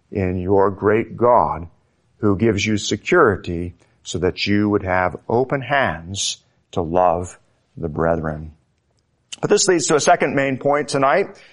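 A man preaching a sermon, slow and emphatic, lifting his voice to stress key words. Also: lowish voice. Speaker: pastor.

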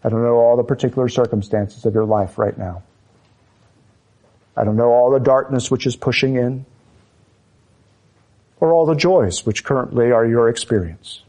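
A man preaching a sermon, speaking in a measured, emphatic way and pressing his listeners with repeated rhetorical questions. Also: mid-range voice, warm tone.

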